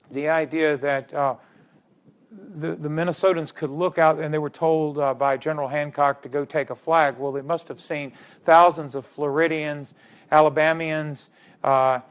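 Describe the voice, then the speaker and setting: A middle-aged man delivers a public history lecture in a slightly high-pitched voice. He hammers home single words by repeating them and keeps turning to his audience with questions. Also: fairly even intonation, normal speed. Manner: emphatic, repeats key words, quizzes the audience.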